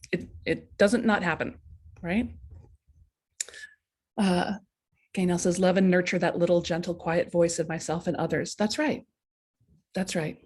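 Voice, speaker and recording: A woman's voice: on the high side, normal speed. A woman hosting a live coaching stream, talking bluntly and casually to viewers and acting out the voices in their heads. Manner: lively, blunt, talks straight to viewers, acts out inner voices. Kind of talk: casual motivational talk. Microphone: webcam or laptop mic for a live stream.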